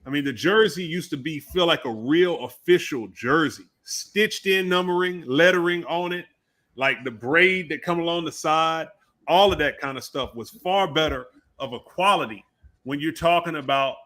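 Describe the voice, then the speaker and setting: A man with a bright, forceful voice holds forth in a casual basketball podcast chat. He argues his point at length and insistently, with a fairly high pitch. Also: normal speed. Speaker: podcast co-host.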